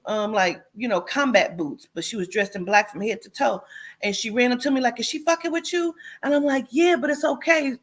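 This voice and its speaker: A woman casually recounting a vivid dream, animated and profane, acting out what people said. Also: fairly high pitch. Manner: animated, profane, acts out quotes. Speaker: host. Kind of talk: casual storytelling.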